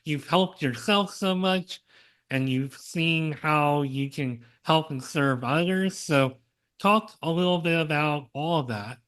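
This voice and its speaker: A male podcast host with a somewhat high, smooth, resonant voice. He speaks slowly and unhurriedly. He poses broad, open-ended questions in a relaxed interview chat.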